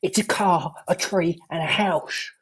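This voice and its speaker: A man's voice: sits high, fairly even intonation, measured pace, a bit bright, husky, full character voice. A man doing a brash Cockney market trader. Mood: pushy. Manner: blustering, swearing, mock-defensive. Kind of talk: improvised comedy sketch.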